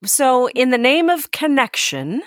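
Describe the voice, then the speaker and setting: A woman's voice: high-pitched, big pitch swings, a little slow, dry recording, clean studio sound. A woman hosting a podcast interview, gracious and encouraging. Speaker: podcast host. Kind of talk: interview chat.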